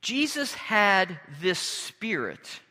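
A man preaching a sermon as pastor, earnest and deliberate, pausing and restarting as he speaks. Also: sits high, sing-song, sharp tone, in a large hall.

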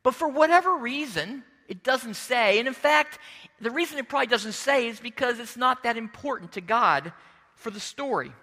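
A middle-aged male pastor preaching a sermon as an expressive storyteller who slips into character voices. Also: very high voice, moderate pace, in a large hall.

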